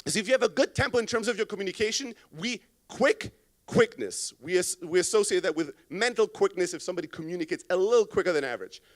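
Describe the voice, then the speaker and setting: Blunt, animated man giving a talk on stage. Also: high-pitched, racing, few pauses. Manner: blunt, profane, animated, acts out callers. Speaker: conference speaker. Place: conference stage. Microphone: stage microphone.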